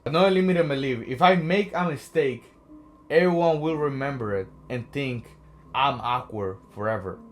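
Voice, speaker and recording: A man's voice: mid-range voice, normal speed, slight background noise. A young man from America, talking as a motivational vlogger, earnest and often asking "right?". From Latin America. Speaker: social anxiety coach. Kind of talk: motivational vlog talk.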